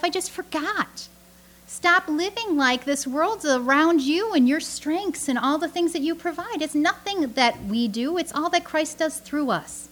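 A woman giving a lively, conversational sermon to a church audience, full of rhetorical questions and asides. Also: high voice. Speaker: speaker teaching a church audience.

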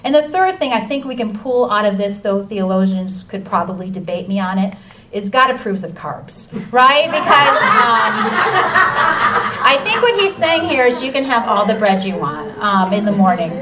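A woman teaching a lively Bible lesson to children, chatty and enthusiastic, reading scripture aloud. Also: medium pitch, normal speed. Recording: distant mic with faint noise.

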